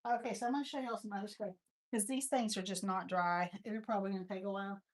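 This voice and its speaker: A woman's voice: medium pitch, fairly even intonation, quick pace. A woman with a Texan accent hosting a live crafting stream, chatting and rambling through stories as she shows her supplies. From Texas. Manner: chatty, rambling storyteller, says y'all. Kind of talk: casual crafting chat.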